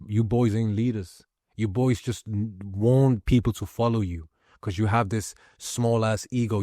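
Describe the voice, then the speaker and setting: Low-voiced man in a profane rant. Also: no echo, studio quality. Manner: profane, ranting, forceful. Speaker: vlogger. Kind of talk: heated personal monologue.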